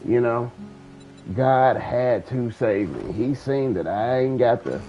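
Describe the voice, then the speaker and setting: Slow and warm, with an expressive mid-range voice, a man hosting a gaming channel drawls through a casual, testimony-like account of faith and a breakup. Soft music sits in the background of this monologue, recorded on a streaming mic that sounds dull and lo-fi.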